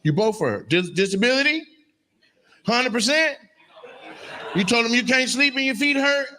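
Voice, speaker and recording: His voice is very high and sharp, with lively intonation at a normal speed. The man is doing crowd work at a live comedy venue, hitting audience members with brash, profane teasing on a stage mic, and the venue sound is noisy.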